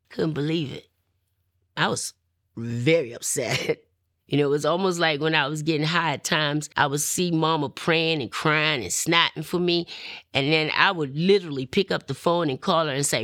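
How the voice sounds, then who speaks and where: A middle-aged woman, telling her personal testimony in an animated way and acting out what others said. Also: sits low, normal speed, dry recording, clean studio sound. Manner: animated, acts out quoted voices, laughs often. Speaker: testimony speaker.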